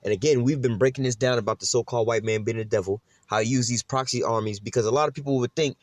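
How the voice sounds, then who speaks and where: A man's voice: medium pitch, fast talker, no echo. A man giving an informal, profane preaching monologue who keeps checking in with his listeners. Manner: profane, conversational, keeps asking "you know?". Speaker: religious teacher.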